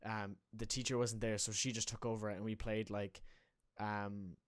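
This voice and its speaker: A man's voice: lowish voice, little pitch movement, moderate pace, no echo, studio quality. A young Irish man chatting casually as a podcast co-host, rambling with many restarts and fillers. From Ireland. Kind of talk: casual chat.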